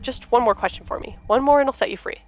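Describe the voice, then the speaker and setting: A woman voicing a calm, menacing male captor in a visual novel, keeping his voice soft, even and mockingly gentle. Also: on the high side, quick pace, soft background music, pitched above the performer's own voice, natural voice. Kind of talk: reading a visual novel aloud.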